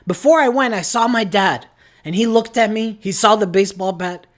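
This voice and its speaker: A man's voice: sits high, moderate pace, fairly bright tone. A young man hosting a comedy video, ranting in a brash, crude, mock-boastful way. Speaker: comedy vlogger. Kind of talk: profane comedic rant.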